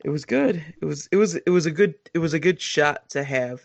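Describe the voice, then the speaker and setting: Podcast cohost guy, kinda high voice, laid back, rambling. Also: brisk, gravelly. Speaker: podcast co-host. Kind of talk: casual chat.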